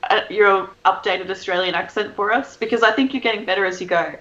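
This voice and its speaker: A woman's voice: medium pitch, fast, bright, forceful tone, muffled recording. A woman co-hosting a casual live stream, chatty and swearing loosely. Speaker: co-host of a comics podcast.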